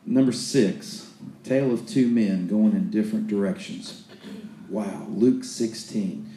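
A man's voice: lowish voice, takes it slowly, mellow, roomy sound, a little hiss or hum. A man preaching a sermon in a folksy, storytelling way, often restarting his sentences.

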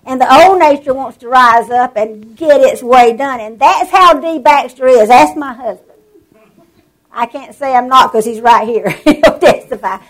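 Woman preaching with lively emphasis. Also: high voice, measured pace, poor audio. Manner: animated storytelling, draws out words for emphasis. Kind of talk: sermon.

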